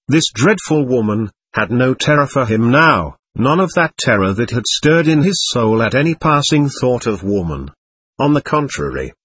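A man narrating a novel as an audiobook in a measured, expressive storytelling manner. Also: mid-range voice, husky, dry recording. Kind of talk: scripted narration.

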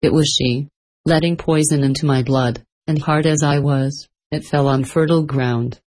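A woman's voice: low-pitched, steady tone, normal speed, darkish tone. A woman reading the lines of a bitter, guilt-ridden old man held in chains, in a storybook telling.

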